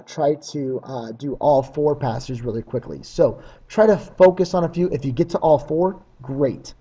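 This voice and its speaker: A man's voice: a little high, dark tone, breathy edge, muffled recording. A man teaching a recorded test-prep lesson in a plain, practical way, with frequent uhs and ums.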